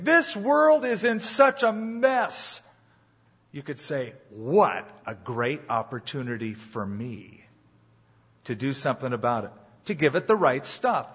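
Pastor preaching: emphatic man, slightly husky voice, muffled live church recording. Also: fairly high pitch, a bit bright. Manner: emphatic, rhetorical questions to the congregation. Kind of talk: sermon.

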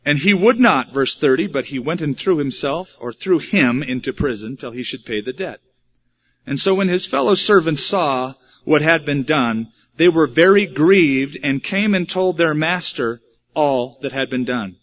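A pastor preaching an expository sermon and reading scripture, with wry asides. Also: male voice, a little high, lively intonation, unhurried. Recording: dull lo-fi recording.

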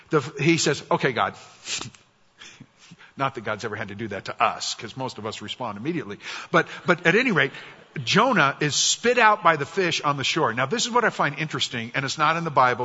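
A guest preacher with a forceful, slightly husky voice, telling scripture stories in a casual, wry way. The recording is dull and lo-fi, and a long reverb trails through a large hall. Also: male voice, medium pitch. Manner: conversational and wry, drops soft for quoted prayers. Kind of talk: sermon. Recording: dull, echoey church hall.

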